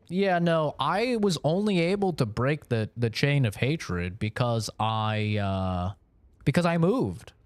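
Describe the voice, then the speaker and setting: A man's voice: mid-range voice, animated, slow pace, no room sound. A young man from Oregon, chatting casually with his stream chat in a rambling, profane way, laughing between points.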